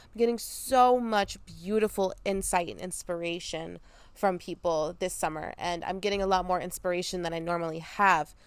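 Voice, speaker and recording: Chatty young woman podcast host, smooth voice. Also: on the low side, normal speed, dry recording. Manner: chatty, laughs easily, many ums. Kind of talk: casual solo podcast chat. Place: outdoors near an airport, under trees.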